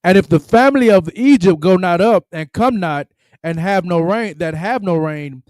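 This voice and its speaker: Scripture reader, higher man's voice, steady, dry sound. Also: moderate pace, no room sound. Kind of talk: reading scripture aloud.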